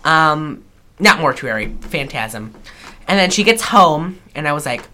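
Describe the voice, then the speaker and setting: A woman's voice: deep voice, expressive, unhurried, pushed and bright. A woman co-hosting a podcast, joking and teasing in a casual movie-recap chat. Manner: joking, teasing, breaks into celebrity impressions. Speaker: podcast co-host.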